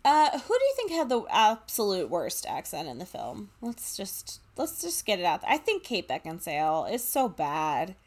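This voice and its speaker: Animated, blunt woman podcast co-host. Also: medium pitch, moderate pace, hardly any pauses. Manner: blunt, swears freely, reads trivia aloud. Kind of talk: casual chat.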